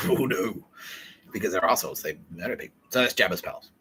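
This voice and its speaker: A young man hosting a podcast, rambling through a profane, excitable solo monologue that jumps from idea to idea. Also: low-pitched, a little hiss or hum, poor audio. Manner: profane, excitable, fast-shifting and digressive. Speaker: podcast host.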